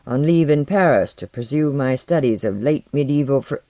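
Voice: medium pitch, expressive, moderate pace, dark tone, no echo, lightly acted. A reader voicing a flustered modern professor. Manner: demanding, flustered questions. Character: modest, bewildered modern male professor. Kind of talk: read-aloud storytelling.

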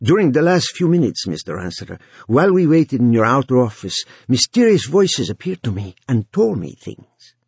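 A man's voice: mid-range voice, very animated, moderate pace, few pauses, darkish tone, slightly rough, no echo, voice pushed up, full character voice. A man voicing a mystical woman whose voice rings with conviction. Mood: fervent. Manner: vibrant, ringing with conviction. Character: vibrant, mystical dark-haired woman hearing voices.

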